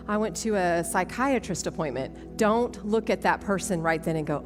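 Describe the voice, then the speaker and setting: A woman, giving a testimony talk at a women's church event, animated and self-mocking, laughing often. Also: mid-range voice, measured pace, over music. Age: 40s. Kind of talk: sermon-style testimony talk. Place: large church hall. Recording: long church hall reverb.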